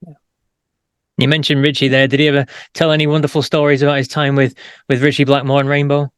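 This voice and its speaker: A man's voice: mid-range voice, level tone, quick pace, clear, resonant tone, no echo, studio quality. A man hosting an interview, asking the guest eager questions. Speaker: interview host.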